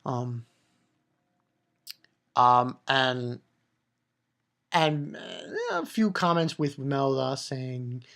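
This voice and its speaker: A man's voice: sing-song, extremely slow, creaky, long pauses, fairly bright tone. Rambling man chatting through a manga chapter. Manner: rambling, chuckling, jumps into higher voices for quoted characters. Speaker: manga reviewer. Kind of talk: casual chapter review.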